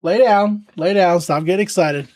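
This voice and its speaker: A woman's voice: lowish voice, moderate pace, a little mellow. A woman hosting a casual livestream, chatting playfully with viewers and talking to her dog. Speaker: livestream host.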